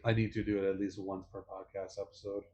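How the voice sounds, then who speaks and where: A man's voice: low voice, little pitch movement, quick pace, dark tone, highs cut off, a little hiss or hum. Playful, teasing young man co-hosting. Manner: playful, teasing, puts on voices in anecdotes. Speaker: podcast co-host. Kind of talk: casual chat.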